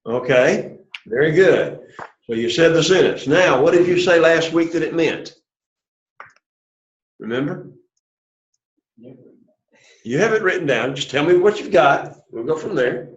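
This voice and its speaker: A man leads a beginning Greek lesson, starting with a prayer and then patiently drilling the class. His voice is on the high side and expressive, unhurried with long pauses, and the recording is echoey and dull, lo-fi.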